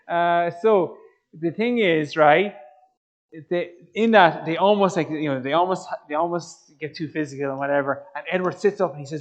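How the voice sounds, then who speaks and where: An Irish man giving a lively, joking faith talk to young people, quizzing the audience as he goes. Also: on the high side, moderate pace, dull audio. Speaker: youth speaker.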